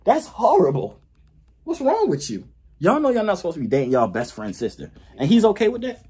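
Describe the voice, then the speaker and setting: A man's voice: sits high, wildly swooping pitch, brisk, a little mellow, slightly rough. A young man hosting a casual vlog on a phone camera, teasing the people around him and laughing often. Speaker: vlogger host.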